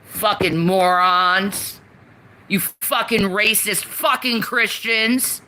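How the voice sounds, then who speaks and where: Woman, slow and bright-toned, profane heated rant. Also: medium pitch. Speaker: streamer in a played clip. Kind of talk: angry political rant.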